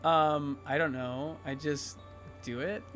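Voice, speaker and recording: A man's voice: on the high side, fairly bright tone, heavily acted. A man voicing a chatty, teasing teenage schoolgirl who rambles and gossips, full of "like".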